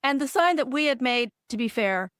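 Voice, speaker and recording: Animated woman telling a story. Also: sits high, moderate pace, clean tone, no echo, clean studio sound. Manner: animated storyteller who acts out dialogue and laughs. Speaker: podcast guest. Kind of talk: storytelling interview.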